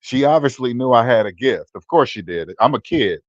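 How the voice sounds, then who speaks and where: A blunt, preachy man in his fifties talks to his viewers in a casual monologue and hammers his points home by repeating words. His voice sits in a middle pitch. The recording sounds dull and lo-fi, with a dry, close feel. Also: animated, normal speed, no echo. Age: 50s. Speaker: personal finance channel host. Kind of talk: casual livestream-style monologue.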